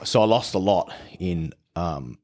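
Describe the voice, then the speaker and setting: A man with a fairly low voice talks as a podcast guest in loose, casual storytelling. He is blunt and swears freely. He often breaks off and restarts his sentences as he goes over the details. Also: lively intonation, measured pace, darkish tone.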